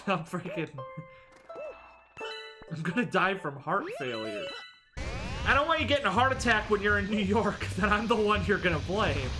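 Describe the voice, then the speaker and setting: Excitable woman streamer exclaiming over music. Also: mid-range voice, a little fast. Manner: excitable, exclamatory, swears casually. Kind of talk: casual game stream commentary.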